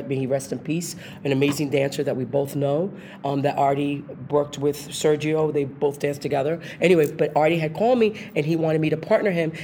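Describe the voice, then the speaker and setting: A woman host from New York City, a lively storyteller who acts out the voices she quotes in a conversational interview. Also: sits low, a little hiss or hum.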